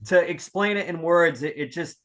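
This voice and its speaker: A podcast host in casual chat, an enthusiastic fan who halts and restarts. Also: male voice, on the high side, moderate pace.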